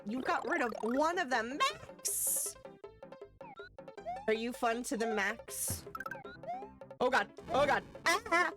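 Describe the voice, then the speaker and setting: Excitable woman streaming a retro game. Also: a little high. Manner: chatty and excitable, greets chat, shrieks at close calls. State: tired after work. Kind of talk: live-stream gameplay chatter.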